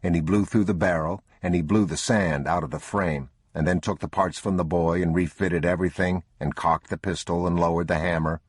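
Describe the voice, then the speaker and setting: A man narrating an audiobook in a measured, unhurried way. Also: low voice, slightly rough, no echo, clean studio sound. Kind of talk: scripted narration.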